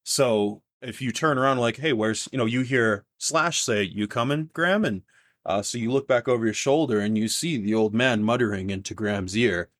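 A man narrating a tabletop game session as its game master, his voice sitting on the lower side. He talks casually, circling back and restarting as he describes the scene. The recording is dry and close. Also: normal speed, a bit bright, no room sound. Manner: casual, rambling with restarts and fillers.

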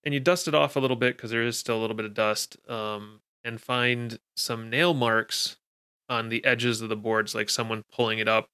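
Game master, male, crisp bright tone, casual scene narration. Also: medium pitch, fairly even intonation, moderate pace. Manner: casual, descriptive, with fillers.

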